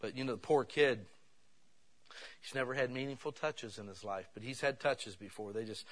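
A man preaching a sermon, telling personal stories in an animated way that swings between loud bursts and hushed asides. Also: medium pitch, normal speed.

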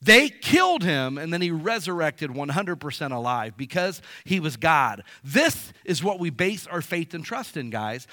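A pastor preaching a sermon, swinging between quiet stretches and loud emphatic peaks. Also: male voice, fairly high pitch, sing-song, unhurried, few pauses, no room sound, studio quality.

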